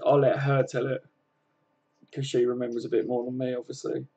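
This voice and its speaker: A man's voice: medium pitch, little pitch movement, brisk, warm tone, breathy edge. A man hosting a casual livestream from home, reading viewer comments and chatting in a friendly way, calling everyone mate. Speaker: livestream host.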